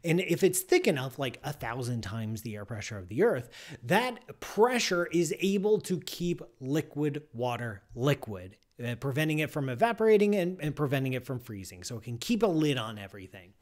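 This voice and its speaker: Male science-show host, lively and theatrical, mock-outraged, big swings between loud and muttered. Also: medium pitch, moderate pace. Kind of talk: live science show monologue.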